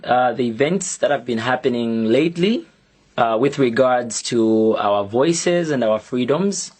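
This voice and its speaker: A young adult Zambian man with a Zambian accent, speaking as an activist in a public video statement, in a deliberate and emphatic way with pointed pauses. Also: medium pitch, darkish tone.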